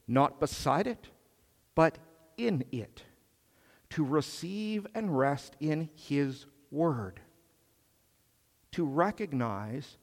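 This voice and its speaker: A man preaching a sermon in a slow, measured way, swelling on emphatic phrases. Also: a little high, vocal fry, a little mellow, long reverb tail.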